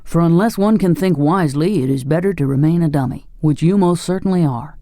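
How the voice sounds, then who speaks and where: A man's voice: fairly high pitch, a little fast, mellow, no room sound, studio quality, voice pushed up, lightly acted. A man voicing a fussy, lofty straw-stuffed king in an audiobook. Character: pompous but kindly straw-stuffed king. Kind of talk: audiobook character voice.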